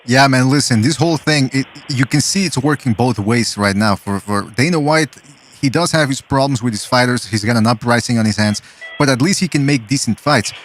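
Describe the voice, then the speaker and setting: A man hosting a podcast and taking callers, talking in an excitable, chatty way and swearing casually. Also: medium pitch, fairly quick. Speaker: podcast host.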